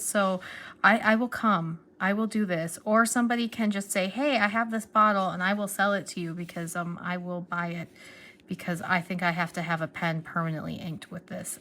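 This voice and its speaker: A woman's voice: fairly low pitch, fairly bright tone. Gushing woman who slips into whispers. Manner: gushing, often drops to a whisper. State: tearful. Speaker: stationery YouTuber. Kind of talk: casual chat.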